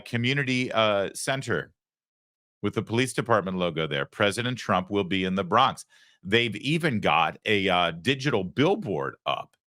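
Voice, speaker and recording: A man's voice: on the low side, sharp tone. A man hosting a political commentary show, talking in an emphatic, sarcastic way.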